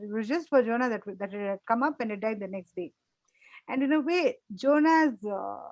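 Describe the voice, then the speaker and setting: A woman's voice: fairly high pitch, a little mellow, dry recording, lo-fi sound. A woman leading a church Bible study, explaining scripture in a conversational way and often checking in with the group. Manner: conversational, repeats points, asks the group questions.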